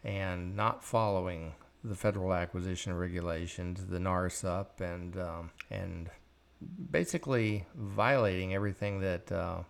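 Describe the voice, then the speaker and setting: A man's voice: low-pitched, fairly even intonation, unhurried, gravelly. An older man hosting a podcast, telling stories from his working life in a blunt, profane way and acting out the dialogue. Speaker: podcast host. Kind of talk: storytelling monologue.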